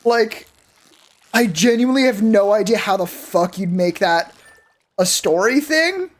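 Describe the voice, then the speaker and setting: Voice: mid-range voice, animated, measured pace. Chatty streamer rambling while gaming, swears a lot, talks to chat. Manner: rambling, profane, chatty with viewers. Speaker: game streamer.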